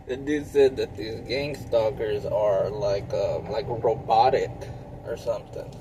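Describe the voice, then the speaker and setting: A man's voice: lowish voice, steady tone, slow, noisy background. A man in his thirties talking in a casual, rambling monologue, full of filler words and swearing. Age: 30s. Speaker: vlogger.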